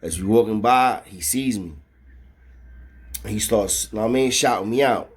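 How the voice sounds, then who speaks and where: A man's voice: fairly low pitch, normal speed, husky. A man tells a story in a casual, slangy and profane way. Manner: slangy and profane, with frequent "know what I mean".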